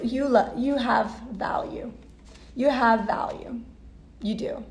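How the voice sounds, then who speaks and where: A woman's voice: fairly high pitch, a little mellow. Emotional, swearing woman tarot reader. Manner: emotional and blunt, swears freely. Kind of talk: casual tarot reading. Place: home. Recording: echoey room.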